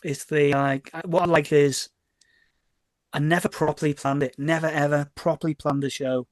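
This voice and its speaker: Scouse guy in his 40s or 50s chatting on a podcast, voice sits a bit high, dry close sound, keeps repeating and fixing himself. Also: moderate pace, no echo. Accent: Liverpool Scouse. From Liverpool, England. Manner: rambling and self-correcting, often repeats words; lively storyteller who acts out quoted exchanges. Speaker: DJ and label owner, podcast guest. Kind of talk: casual interview chat.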